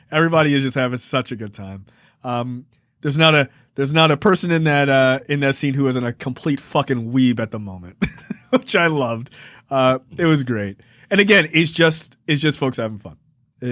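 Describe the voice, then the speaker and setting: Man in his forties, podcast film reviewer, profane, laughing, animated retellings, middle-pitched voice, dry close sound. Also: no room sound. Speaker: podcast co-host. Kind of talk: casual film review chat.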